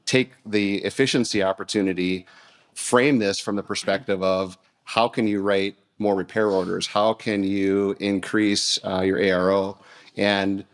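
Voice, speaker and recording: Low-voiced man talking through ideas. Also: little pitch movement, unhurried. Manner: thoughtful, many restarts and fillers. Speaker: podcast guest, company CEO. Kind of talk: casual interview talk.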